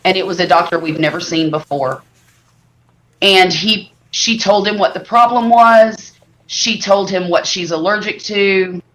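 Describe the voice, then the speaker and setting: Middle-aged woman, chatty livestream host who tells stories with lively exaggeration. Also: medium pitch, measured pace. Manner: animated, exaggerating storyteller. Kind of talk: casual storytelling chat.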